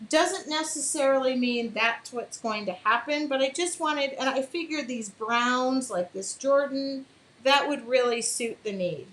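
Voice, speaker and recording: A woman's voice: fairly high pitch, fairly bright tone, low-quality recording. A woman hosting a casual live painting demo, chatting with viewers by name and apologizing for small slips as she works. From Michigan.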